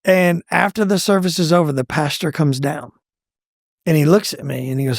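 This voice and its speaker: A middle-aged man telling his own faith testimony in a conversational, animated way, acting out what people said. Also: normal speed, creaky, no echo, clean studio sound. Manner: animated, acts out quoted lines with pitch jumps. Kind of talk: conversational storytelling.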